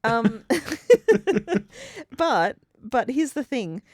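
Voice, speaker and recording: A woman's voice: high voice, very animated, extremely slow, a little mellow, dry recording. A woman co-hosting a podcast, chatting casually about a sitcom, giggling often and swearing freely. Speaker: podcast co-host. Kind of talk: casual chat recapping a sitcom.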